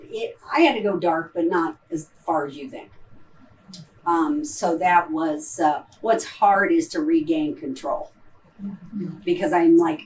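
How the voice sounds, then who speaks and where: A woman's voice: low voice, distant mic, slight background noise, rough recording. A woman with a Midwestern accent, an actress answering audience questions after a performance in a rambling, hesitant way full of ums and restarts. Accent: Midwestern American. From Ohio. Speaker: stage actress in a post-show talkback. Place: theater auditorium.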